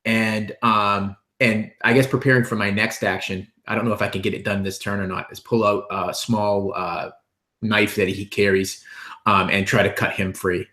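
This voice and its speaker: A man's voice: on the low side, flat delivery, normal speed, bright, forceful tone, reverberant. A man playing a tabletop game, thoughtfully describing his character's actions with many hesitations. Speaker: player.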